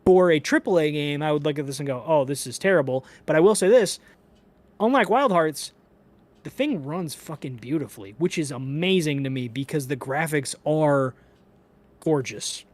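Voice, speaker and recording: A man co-hosting a casual gaming podcast, talking in an animated, profane, ranting way. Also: on the high side, normal speed. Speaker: podcast co-host.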